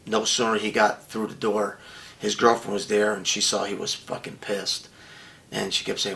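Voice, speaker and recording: A gravelly older man tells a profane story as an interview guest, acting out the other people's lines as he goes. His voice is low and bright-edged, and his delivery is blunt and plain. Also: flat delivery, normal speed.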